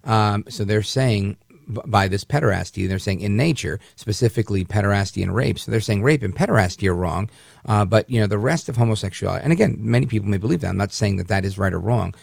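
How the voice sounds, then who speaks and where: Gravelly indignant talk radio host, man. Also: fairly low pitch, fast talker, a little mellow, dry recording, studio quality. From Puerto Rican heritage, raised in the northern US. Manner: indignant, rambling, often restarts. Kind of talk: syndicated talk radio monologue.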